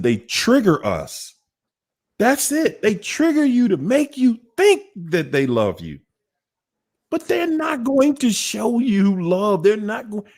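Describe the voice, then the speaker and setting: A man hosting a live Q&A talk, with a slightly raised voice that leaps around in pitch. He talks emphatically, calls out to his listeners, and acts out other people's words in voices. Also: a little mellow. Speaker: host.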